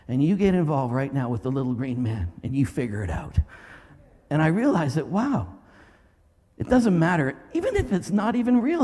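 Middle-aged preacher guy, kinda husky, pitch all over the place, shouts sometimes, big echoey church. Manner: animated storytelling, bursts into loud commanding shouts. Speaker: pastor. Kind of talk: sermon. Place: church sanctuary. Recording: long reverb of a large hall.

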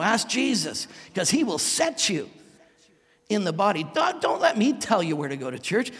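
High-voiced shouting pastor. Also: male voice, big pitch swings, normal speed, husky. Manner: builds to shouting, calls for amens. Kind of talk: sermon. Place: church hall. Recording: long hall reverb.

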